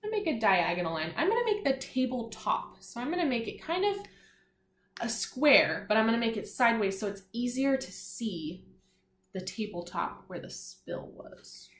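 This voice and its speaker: A woman's voice: fairly high pitch, very animated, normal speed, roomy sound. A woman giving a patient, encouraging lesson to young children, sounding out letters and praising answers. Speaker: kindergarten teacher. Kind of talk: slow, clear classroom instruction to young children.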